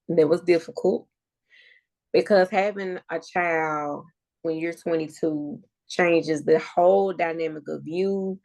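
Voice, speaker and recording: A woman's voice: deep voice, vocal fry, a little mellow. A woman in her thirties, a podcast guest, sharing a heartfelt personal story and talking close to tears. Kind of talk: emotional personal conversation.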